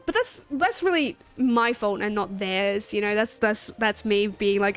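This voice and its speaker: A woman's voice: medium pitch, measured pace, few pauses, smooth, soft background music. A young Australian woman streaming a game, rambling chattily, laughing often and swearing casually. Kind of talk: casual gaming stream chat.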